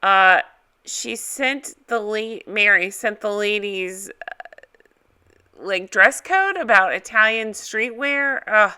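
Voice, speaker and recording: A woman's voice: mid-range voice, animated, takes it slowly, sharp tone, smooth. A woman hosting a reaction video, giving a casual, blunt and opinionated recap.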